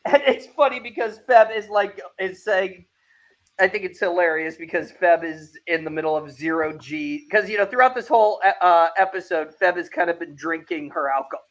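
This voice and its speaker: This is an animated co-host on a casual anime podcast who talks through the plot with plenty of enthusiasm. The delivery is loose and chatty, broken up by frequent laughter. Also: medium pitch. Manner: animated, laughs often, acts out quoted lines. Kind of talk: casual excited recap chat.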